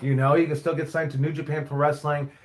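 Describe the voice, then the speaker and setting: A man coaching pro wrestlers talks loosely through viewer questions on a live stream. His voice sits a little high for a man, and he rambles, doubles back on his words and drops the odd curse. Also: flat delivery, quick pace. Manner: rambling, repeats himself, swears casually. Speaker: wrestling school owner and head coach.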